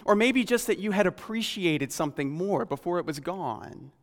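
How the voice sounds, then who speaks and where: A man delivers a sermon in a fairly high voice, earnest and searching as he asks his listeners questions. He slows right down whenever he reads scripture aloud. His voice carries a long reverb, as if filling a large hall. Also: animated. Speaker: preacher.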